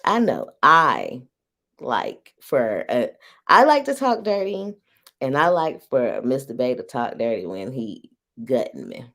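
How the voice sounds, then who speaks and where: A woman's voice: very deep voice, very animated, a little slow, fairly bright tone. A woman hosting a casual live-stream chat, frank and teasing, who laughs often between phrases. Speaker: host.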